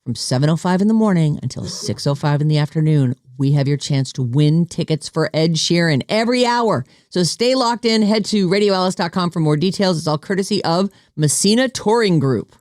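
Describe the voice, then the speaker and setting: A middle-aged woman co-hosting a morning radio show, chatty and quick to react. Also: lowish voice, darkish tone, dry recording, studio quality. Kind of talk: casual radio banter.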